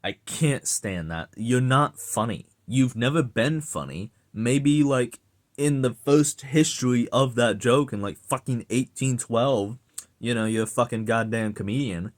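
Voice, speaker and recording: A young man rants to his viewers in a loose, off-the-cuff way. He swears freely and sounds exasperated, with a sarcastic edge. His voice sits at a middle pitch for a man. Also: measured pace. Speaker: vlogger ranting. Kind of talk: casual rant to camera.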